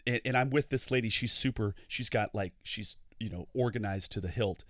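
A man co-hosting a ministry podcast, telling stories in an animated way with preacherly asides. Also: on the low side, brisk, no room sound, studio quality. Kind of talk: storytelling podcast chat.

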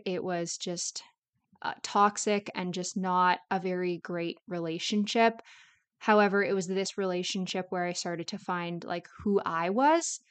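A woman's voice: mid-range voice, smooth. A young adult woman hosting a solo podcast, talking in a candid, confessional way with casual rambling and lots of "like" fillers. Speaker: podcast host.

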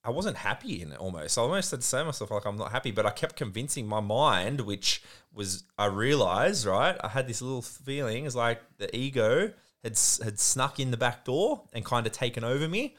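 An earnest young man shares a heartfelt story on a podcast, his voice sitting at a mid pitch. He talks casually, with plenty of filler words and restarts as he works through his feelings. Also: big pitch swings, brisk, few pauses, fairly bright tone. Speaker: podcast co-host. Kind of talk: casual chat.

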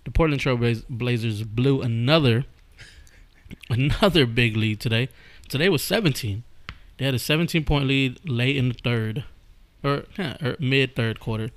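A man's voice: mid-range voice, moderate pace. Playful male podcast host. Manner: playful, laughs often, stumbles over words. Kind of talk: casual podcast banter.

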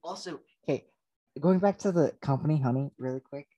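A young man with a slightly higher voice co-hosts a casual chat, playful and full of jokey asides. Recorded dry and close. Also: brisk, mellow, no echo, lo-fi sound. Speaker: podcast co-host.

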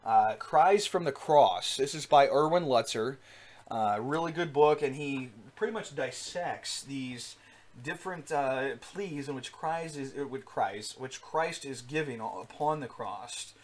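A man's voice: medium pitch, a little slow. A man preaching an earnest sermon with rising emphasis, frequent fillers and restarts. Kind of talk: sermon teaching.

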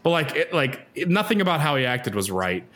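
A man's voice: a little high, brisk. Chatty, opinionated man on a podcast. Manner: animated, opinionated, many "like" fillers. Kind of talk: casual discussion.

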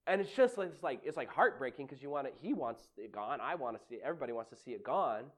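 A male pastor giving a sermon in an animated, conversational way, laughing often. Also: mid-range voice, fast.

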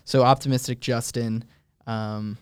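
A young man hosting a casual college sports talk show, thoughtful and filling pauses with um as he thinks aloud. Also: medium pitch, steady tone, clear, resonant tone, dry recording, clean studio sound. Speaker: host.

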